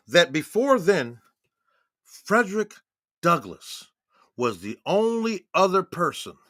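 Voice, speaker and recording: Animated, profane older man streaming. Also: sits high, no room sound, clean studio sound. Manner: animated, profane, laughing asides. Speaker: livestream host. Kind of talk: rambling livestream monologue. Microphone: phone or webcam on a live stream.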